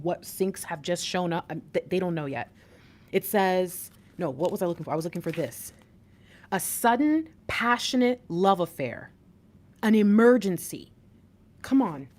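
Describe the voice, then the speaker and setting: Excitable woman reading tarot cards. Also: lowish voice. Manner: excitable, breaks into laughs and whispers, talks straight to viewers. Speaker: tarot reader.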